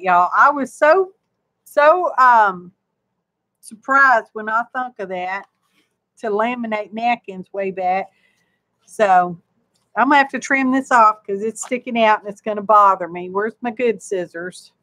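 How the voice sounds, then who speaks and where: Slow-talking woman crafting live. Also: mid-range voice, sharp tone, dry recording. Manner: homey, rambling, talks to herself and viewers while working. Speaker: crafting channel host. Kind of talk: live-streamed craft demonstration, chatty.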